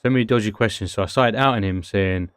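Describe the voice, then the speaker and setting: A young British man chatting casually on a livestream, in slangy, lively speech. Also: fairly low pitch, quick pace, clear, resonant tone, dry recording, studio quality. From United Kingdom.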